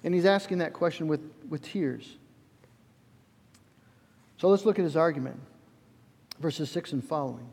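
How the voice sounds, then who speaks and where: A man's voice: on the high side, normal speed, creaky, long pauses, a little mellow, husky, big-room sound. A male pastor preaching a sermon in an earnest, emphatic way, often restarting his phrases.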